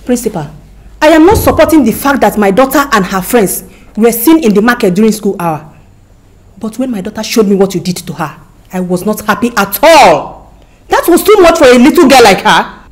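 A woman's voice: fairly high pitch, animated, lightly acted. An actress playing a mother firmly confronting a principal, in Nigerian English. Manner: firm, measured.

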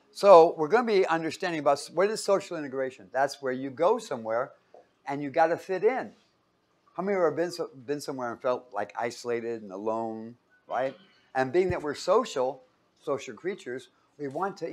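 A man leads a Bible teaching in a relaxed, joking way. He talks in an everyday voice of middle pitch and keeps turning to his listeners with questions. It sounds like a teaching room with a whiteboard. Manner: casual, joking, asks the audience questions.

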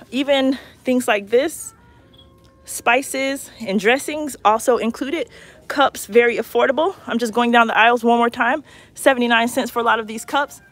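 Woman, live store walkthrough, bright higher voice, chatty and excitable, phone mic in a big shop. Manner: chatty, excitable, talks to viewers. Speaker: shopping vlogger. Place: large retail store indoors.

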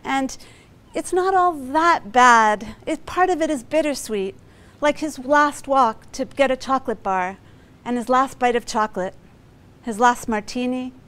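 High-voiced woman telling a personal story. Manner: emotional, vivid, acts out sounds and quotes. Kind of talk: personal story told live.

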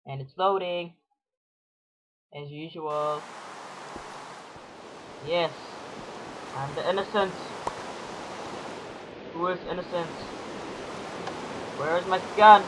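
A young man with a cough and cold, reacting excitedly as he plays a game and talks to viewers. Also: high voice, slow pace, long pauses. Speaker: gamer. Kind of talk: casual gameplay commentary. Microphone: built-in computer microphone. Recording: noisy built-in computer mic. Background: loud rain.

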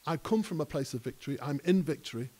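A man's voice: a little high, lively intonation, quick pace, a little mellow. A male pastor preaching a conversational sermon that rises to emphatic peaks. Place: church hall.

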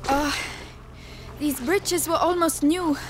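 A woman's voice: high-pitched, fairly even intonation, takes it slowly, noisy background. An actress playing a determined young noble girl, calling out anxiously. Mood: worried.

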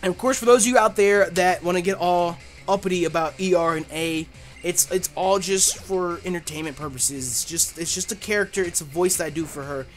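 A young man giving let's play commentary in a brash, profane, excitable way. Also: sits high, brisk. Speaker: gaming YouTuber.

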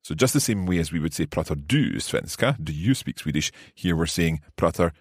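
A man hosting a podcast language lesson, asking questions and repeating phrases slowly in casual chat. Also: deep voice, animated, breathy edge, dry recording, clean studio sound. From Scotland. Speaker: podcast host and learner.

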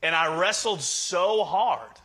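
A man's voice: high-pitched, lively intonation, takes it slowly, pushed and bright. A male pastor preaching a sermon in a joking, conversational way, teasing his congregation. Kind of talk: humorous sermon.

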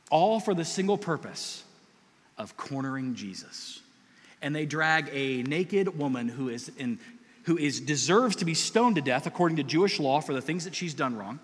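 Male pastor, high bright voice, lively conversational sermon, long hall reverb. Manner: animated, conversational preaching with asides to the congregation.

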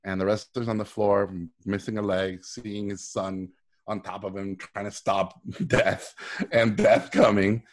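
A man speaking as a guest on a video call, telling a story with animated delivery and acting out the lines of his characters. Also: lowish voice, measured pace. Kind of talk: storytelling talk.

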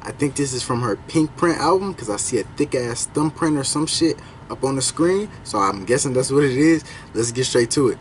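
A young man hosting a casual reaction video, talking in a loose, slangy, excitable way and swearing freely. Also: medium pitch, brisk, few pauses.

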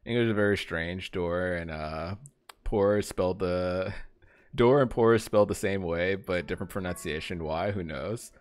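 A man's voice: low-pitched, normal speed. A young man live-streaming a game, chatting casually and rambling to his viewers, greeting them by name.

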